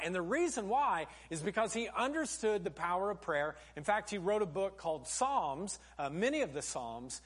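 Guy pastor preaching, pretty high voice, super lively up and down, chatty sermon vibe. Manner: conversational preaching, addresses audience as folks.

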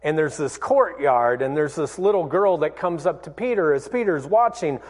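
A man preaching a sermon in a church, telling the story with animated acted-out voices. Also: fairly high pitch, normal speed. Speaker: pastor.

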